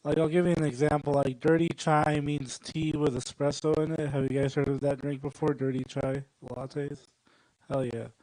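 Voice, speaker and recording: A young man doing a stand-up set at a comedy club, rambling and working the crowd with deadpan asides. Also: a little high, normal speed, dry recording, low-quality recording.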